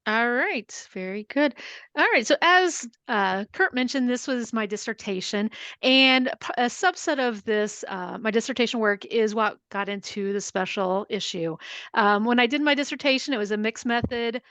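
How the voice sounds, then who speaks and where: A woman presents her research to an online class, explaining it in a steady, organized way. Her voice is fairly high, smooth and resonant. The sound is dry and close, as if she is on a video call. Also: moderate pace, no room sound. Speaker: guest presenter, online learning director.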